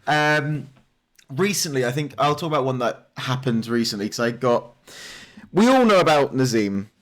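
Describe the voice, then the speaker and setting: A man's voice: mid-range voice, lively intonation, moderate pace. Laughing, rambling man. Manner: rambling anecdotes broken up by laughter. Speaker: podcast co-host. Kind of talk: casual gaming chat.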